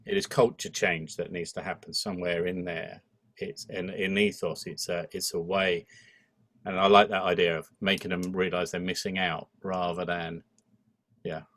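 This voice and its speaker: A man's voice: deep voice, level tone, normal speed, a bit bright, no room sound. A man hosting a casual church ministry discussion on a video call, chatty with playful asides. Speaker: host of an online church ministry session. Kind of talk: casual chat.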